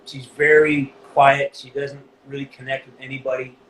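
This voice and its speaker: A man's voice: mid-range voice, flat delivery, normal speed, a bit bright. A man who voices a game character, telling an emotional story in a casual interview, swearing freely and restarting often. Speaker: voice actor guest. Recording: echoey room with faint background noise.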